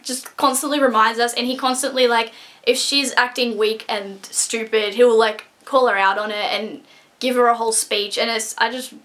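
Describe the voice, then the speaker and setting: A woman's voice: on the high side, a bit bright. Gushing young woman reviewing books. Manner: gushing, rambling, full of "like" and restarts. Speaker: book reviewer. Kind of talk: casual book review vlog.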